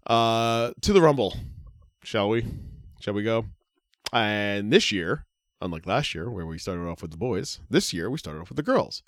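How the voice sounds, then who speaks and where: A man's voice: fairly low pitch, unhurried, fairly bright tone, no echo, studio quality. A man co-hosting a podcast in laid-back, rambling casual chat. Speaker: podcast co-host.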